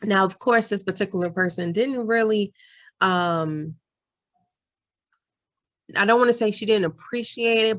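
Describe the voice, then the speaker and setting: A woman's voice: mid-range voice, measured pace, pauses often, a bit bright. A woman coach talking straight to her viewers in an encouraging, earnest vlog, giving advice to working moms and calling them "y'all". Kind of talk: direct-to-camera advice vlog.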